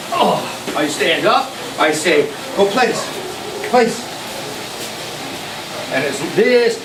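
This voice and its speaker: A man explaining dog training in loose, fragmented phrases. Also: high-pitched. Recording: distant, echoey, noisy recording.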